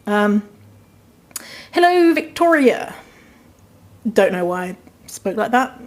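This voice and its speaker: A woman's voice: mid-range voice, moderate pace. Woman just chatting on her podcast, rambly, swears a lot, um-ing all over. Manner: chatty, rambling, swears freely, frequent fillers. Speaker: podcast host. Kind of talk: casual chat. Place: rented apartment during quarantine.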